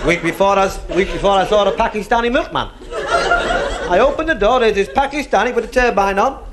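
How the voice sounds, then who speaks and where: A man's voice: high-pitched, quick pace. A man doing brash stand-up one-liners and laughing along. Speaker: stand-up comedian. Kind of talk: stand-up routine. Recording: old TV stage recording, loud audience and noise.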